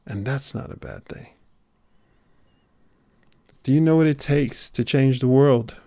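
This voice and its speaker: A man giving a motivational monologue, preachy, swinging from loud urging to a hushed near-whisper. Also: medium pitch, a little slow, no echo. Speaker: motivational speaker.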